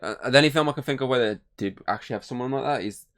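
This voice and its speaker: A man co-hosting a casual movie review podcast. He rambles through his points, swears freely and breaks into high mock voices when retelling scenes. His voice sits at an ordinary middle pitch. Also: rapid-fire, fairly bright tone. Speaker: podcast co-host.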